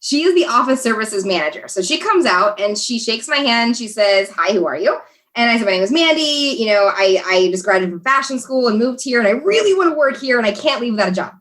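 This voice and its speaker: A young woman from the US tells a personal story as a podcast guest. Her voice sits a little high, and she talks in an animated way with frequent laughs, fillers and restarts. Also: fairly quick. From USA. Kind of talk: casual storytelling.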